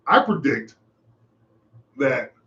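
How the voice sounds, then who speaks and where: A man's voice: mid-range voice, big pitch swings, very slow, pushed and bright, dull audio. A man hosting his own podcast, giving an impassioned, preachy monologue and repeating his phrases for emphasis. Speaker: podcast host. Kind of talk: monologue commentary.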